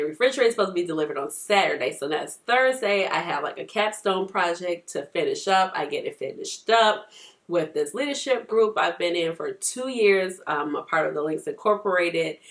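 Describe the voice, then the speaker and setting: Beauty vlogger, thirties, female, slightly low voice, talks in loose rambling stories while applying makeup. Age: 30s. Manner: chatty, rambling storyteller. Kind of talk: casual chat while doing makeup.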